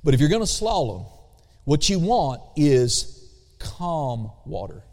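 Slow-preaching man in a reverberant church. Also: a little high, very animated, darkish tone. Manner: slow, drawn-out emphasis with call-and-response. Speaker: pastor. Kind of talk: sermon. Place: church sanctuary.

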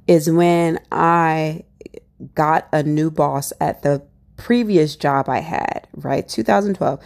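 A woman in her twenties sharing a personal faith testimony, animated and acting out her past thoughts with lots of "like" and "you know". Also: low-pitched, vocal fry.

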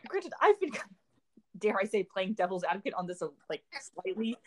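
A woman's voice: medium pitch, very animated, moderate pace. A young woman talks in a loose, rambling way, stacking filler words and restarting her sentences as she chats with friends. Her delivery is casual and unpolished. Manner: rambling, filler-heavy, says "like" constantly. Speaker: podcast co-host. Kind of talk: casual chat.

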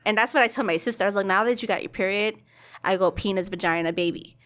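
A woman's voice: medium pitch, fast. A woman co-hosting a podcast, chatting casually. She tells family stories with animation and slips into the voices of the people she quotes. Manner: animated storyteller acting out family conversations. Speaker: podcast co-host. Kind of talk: casual chat.

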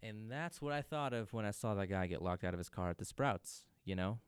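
A man's voice: lowish voice, lively intonation, brisk, clean tone, no room sound, studio quality. A man casually telling a personal story, loose and profane, peppering his talk with "dude" and "man".

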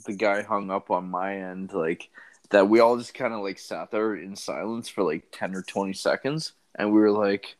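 A man in casual chat, telling a crude anecdote in a halting, rambling way with lots of fillers and swearing. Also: fairly low pitch, steady tone.

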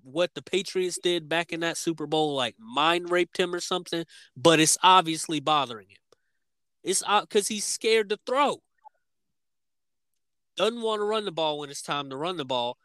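A man's voice: a little high, pushed and bright, no room sound, rough recording. A young man co-hosting a podcast, ranting emphatically and swearing in frustration about his team's season. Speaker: podcast co-host. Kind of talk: heated sports rant.

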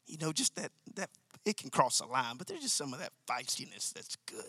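A man's voice: mid-range voice, sing-song, fairly quick, bright, forceful tone, husky, no room sound. A male pastor preaching a sermon, emphatic and repetitive, calling out to members of his congregation. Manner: emphatic, repeats key phrases, calls out to congregation.

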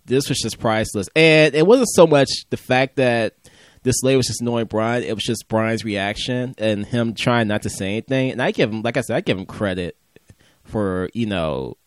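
A man's voice: medium pitch, moderate pace, dry recording, studio quality. A man who is the guest and brother of the host, chatting casually, teasing and laughing often. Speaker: podcast guest, host's brother. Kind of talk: casual chat.

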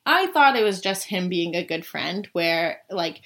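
A woman's voice: on the low side, sing-song, measured pace, a bit bright. Chatty young woman telling a story. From Boston area, US. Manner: chatty, says "like" constantly, swears casually. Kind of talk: casual storytelling.

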